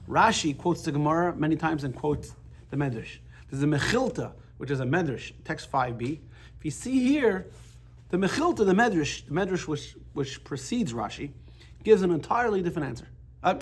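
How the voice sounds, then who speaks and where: A man teaching a Torah class in a chatty, halting way, telling jokes and restarting his sentences. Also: a little high, lively intonation, a little hiss or hum.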